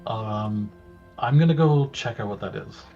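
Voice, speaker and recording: A man's voice: on the low side, unhurried, warm tone. A man playing a tabletop game, chatting casually and a little hesitantly. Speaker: player. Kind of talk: casual play chat. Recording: distant, dull lo-fi mic with music.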